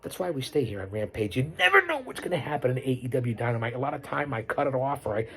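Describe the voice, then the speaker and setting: Man, middle-aged, podcast host, unscripted wrestling commentary, boastful, repeats himself, strings out lists, average pitch. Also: sing-song, fast, fairly bright tone. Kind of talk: unscripted live commentary over a broadcast.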